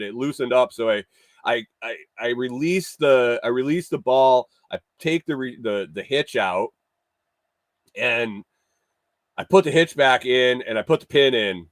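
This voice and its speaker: A man's voice: mid-range voice, moderate pace, no room sound. A man hosting a casual morning show, telling a long rambling story, often restarting and acting out what people said. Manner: rambling, swears, restarts and acts out quotes.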